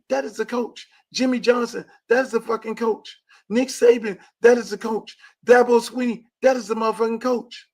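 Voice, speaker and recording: Brief: high-pitched, gravelly man, profane sports-talk host who hammers his points. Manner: loud, profane, emphatic, repeats for emphasis. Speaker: high school football coach.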